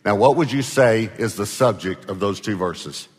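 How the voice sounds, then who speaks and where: A man's voice: lowish voice, lively intonation, moderate pace, husky. Man preaching, conversational, in a reverberant hall. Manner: conversational preaching, prompts the congregation to answer. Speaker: pastor. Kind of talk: sermon.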